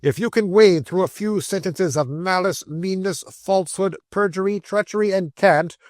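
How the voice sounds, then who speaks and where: A man's voice: high-pitched, darkish tone, dry recording, clean studio sound, voice pushed up, lightly acted. A man doing a sneering, taunting rival editor. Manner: mocking, drawn-out sneers.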